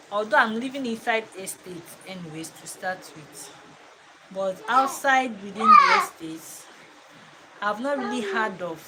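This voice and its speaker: A woman chatting casually at home in her vlog, scolding her child between remarks. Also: mid-range voice. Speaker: vlogger. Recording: loud ambient noise.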